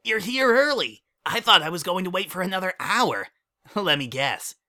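A man reading a story aloud and voicing a cheerful, giggly young colt boy in an excited, squealing way. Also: sits high, normal speed, pitched above the performer's own voice, full character voice.

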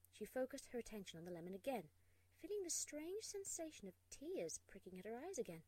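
A woman narrating a storybook aloud, expressive and hushed in tense moments. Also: a little high, brisk, no echo, poor audio.

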